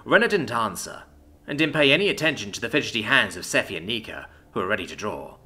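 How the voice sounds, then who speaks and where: A man narrates a science fiction story in a bright, forceful voice. His pitch moves in a lively, animated way, and he reads in an expressive, scripted manner. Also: fast talker.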